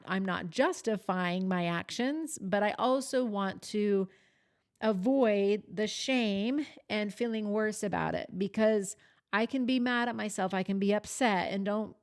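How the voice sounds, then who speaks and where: A woman's voice: mid-range voice, unhurried. A woman in her thirties, a fitness resort coach, giving a casual, candid talk on journal prompts, often restarting and reassuring the listener. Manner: thinking aloud with frequent restarts and fillers.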